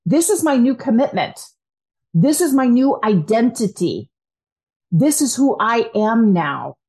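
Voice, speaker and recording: Upbeat, animated woman giving pep talk. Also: measured pace. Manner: upbeat, enthusiastic, speaks directly to listener; acts out quoted inner voices with big pitch jumps. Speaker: podcast host and coach. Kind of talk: motivational self-help talk.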